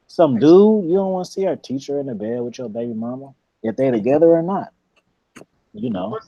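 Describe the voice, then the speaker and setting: A man's voice: on the high side, big pitch swings, a little fast, vocal fry, warm tone, dry recording. A man in casual chat, telling a long rambling story with lots of profanity and repeated words.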